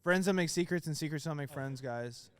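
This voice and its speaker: A man's voice: a little high, a little fast, clean tone. A man co-hosting a comedy podcast, playful and teasing in casual chat. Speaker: podcast co-host.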